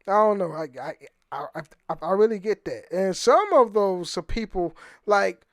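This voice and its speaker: Young guy ranting on his podcast, kinda high voice, swears a lot, stutters and repeats himself, dry close sound. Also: animated, normal speed, dry recording. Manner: rambling, profane, stammers and repeats words. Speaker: podcast host. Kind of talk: rambling casual monologue.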